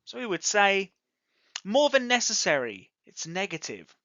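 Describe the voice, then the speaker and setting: Slow, bright-voiced English teacher. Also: medium pitch, very animated, no echo, dull audio. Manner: slow, clearly enunciated teaching delivery. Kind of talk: ESL grammar lesson.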